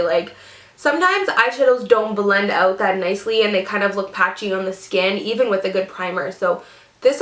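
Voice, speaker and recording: A woman's voice: medium pitch, a bit bright, roomy sound. A young woman vlogger chatting casually while doing her makeup, bubbly and full of "like" and "seriously". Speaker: beauty vlogger. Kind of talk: casual get-ready chat.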